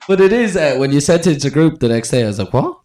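A man co-hosting a podcast in casual chat, who laughs easily. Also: on the high side. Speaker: podcast co-host. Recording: roomy, echoey room.

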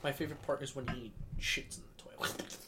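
A man's voice: medium pitch, steady tone, fast talker, heavy background noise. A man co-hosting a casual podcast about movies and games, laughing often and trailing off into mumbles. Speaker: podcast co-host.

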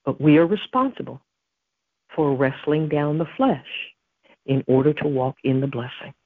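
A woman's voice: low voice, expressive, moderate pace, slightly rough, dry recording, narrow, tinny audio. A woman hosting a devotional podcast, preaching earnestly and emphatically and quoting scripture. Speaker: podcast host.

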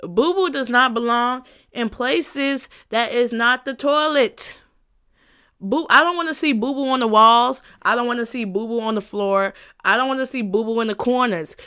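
Here a podcast host talks alone in a casual monologue, her voice fairly high, smooth, and sharp-toned at a normal speed. She's playful and emphatic, repeating herself, swearing freely, and often dissolving into laughter.

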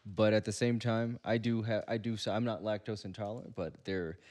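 A man's voice: lowish voice, fairly even intonation, a little fast, a little mellow. A man talking as a guest in a casual podcast chat, easygoing and a little hesitant.

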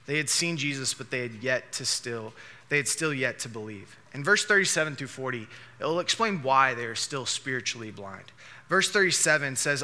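Male pastor, emphatic sermon delivery, very bright tone, echoing hall. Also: a little high. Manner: emphatic, repeats key phrases for stress. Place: church hall. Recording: long hall reverb.

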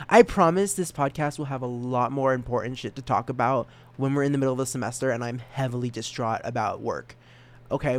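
Man, 20s, solo podcast host, casual rambling, self-mocking, stumbles and repeats words, sudden loud high bursts, middle pitch. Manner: animated jumps in pitch and volume.

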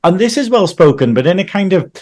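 A man's voice: high-pitched, fast. A man co-hosting a casual film chat, laughing often and acting out quotes. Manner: animated, laughs often, quotes people in playful voices. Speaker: podcast co-host.

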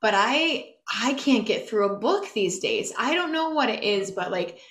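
A young woman co-hosting a podcast, full of bright energy and quick laughter. She tells stories in an animated, chatty way. The room is echoey. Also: a little high. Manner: animated storytelling, laughs often. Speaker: podcast co-host. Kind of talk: casual chat.

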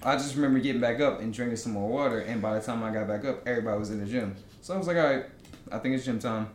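A young man telling a story in a casual podcast chat, animated and quick with asides. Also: mid-range voice. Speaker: podcast guest. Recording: roomy room with faint noise.

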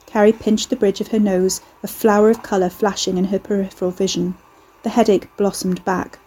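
A woman narrates a storybook in a steady, dry manner. Her voice is mellow and warm, with a soft husky edge. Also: medium pitch, a little fast. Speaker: audiobook narrator.

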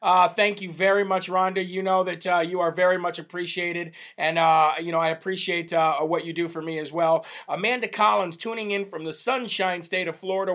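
A man hosting a live stream, reading out viewer shout-outs in a chatty, casual way, laughing often and using many fillers. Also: high voice. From United States. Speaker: livestream host.

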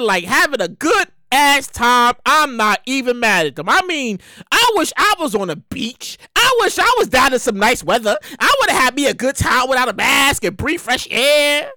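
A young woman hosts her own show in loose, comedic rants. She swears freely and jumps into quick voices for the people she describes. Her voice is high and bright and swings widely, recorded dry and close. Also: no room sound. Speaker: podcast host. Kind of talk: casual comedic commentary.

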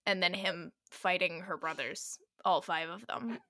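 A woman co-hosting a podcast, recapping a book in casual chat with animated, laughing asides. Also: on the low side, a little slow, no echo. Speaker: podcast co-host.

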